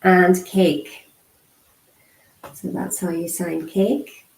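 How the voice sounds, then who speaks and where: A woman voicing a beginner's sign language lesson, speaking slowly and repeating single words with pauses between them. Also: fairly low pitch, steady tone, a little mellow. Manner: frequent throat clearing and fillers. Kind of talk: interpreted beginner lesson, spoken aloud. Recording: roomy echo.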